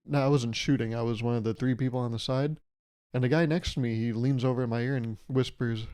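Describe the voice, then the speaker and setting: A man's voice: medium pitch, fairly even intonation, quick pace, a little mellow, clean tone. A man hosting a solo podcast, talking casually and playfully, acting out imagined conversations. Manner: playful, rambling, acts out imagined dialogues. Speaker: podcast host. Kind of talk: casual comedic monologue.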